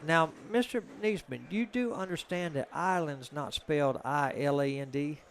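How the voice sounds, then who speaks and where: Folksy Southern man, slightly high voice. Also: moderate pace. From Georgia, USA. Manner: rambling, folksy, joking. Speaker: pool stream commentator. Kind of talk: casual live-stream chat.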